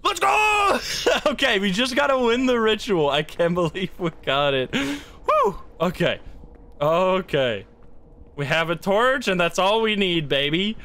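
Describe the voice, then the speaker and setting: A male streamer gives live gameplay commentary in a voice that sits a little high for a man. He talks excitably, swears freely and chants to himself under pressure. His tone is bright and forceful. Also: moderate pace.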